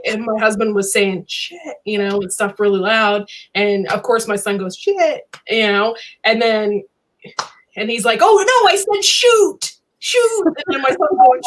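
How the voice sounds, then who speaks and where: A woman chatting casually on a livestream, relaxed as she tells anecdotes about her young son. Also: medium pitch. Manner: easygoing, relaxed anecdote telling. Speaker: livestream co-host. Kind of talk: casual chat.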